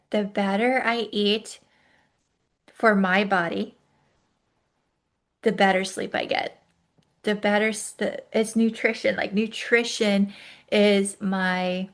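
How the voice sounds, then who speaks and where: A woman in her forties talks through a wellness podcast at a slow, unhurried pace. Her voice sits at an ordinary middle pitch, and she chats casually with plenty of ums and restarts. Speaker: podcast host.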